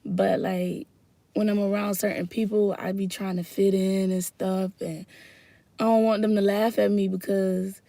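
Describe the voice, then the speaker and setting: Young Southern woman vlogger, gravelly, dry close sound, rambling, shifts from quiet asides to loud outbursts. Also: mid-range voice, level tone, a little slow, no room sound. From Florida, US South. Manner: rambling, heartfelt, drifts between soft murmurs and loud bursts. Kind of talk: casual chat to camera.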